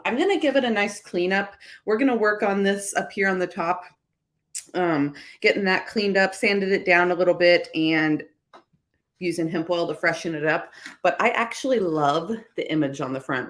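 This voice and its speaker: A woman's voice: lowish voice, moderate pace, a bit bright, reverberant. A woman chatting casually and upbeat to viewers about her thrift finds. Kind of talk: casual haul vlog.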